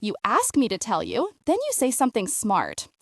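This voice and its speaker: A woman's voice: mid-range voice, wildly swooping pitch, moderate pace, no room sound, studio quality. A woman voicing a touchy small-town wife who speaks defensively and dramatically. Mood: upset.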